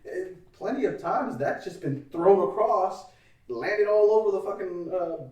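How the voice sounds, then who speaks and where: A man's voice: high-pitched, lively intonation, a little slow, darkish tone, distant mic. A man chatting casually on a podcast, telling a long story in a rambling way, with plenty of swearing and laughter. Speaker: podcast host. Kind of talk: casual chat. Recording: roomy, off-mic sound.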